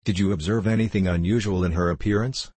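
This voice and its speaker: A man's voice: low-pitched, fairly even intonation, fast, breathy edge, no echo. A man doing a stern, impatient coroner. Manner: curt, sharp questioning.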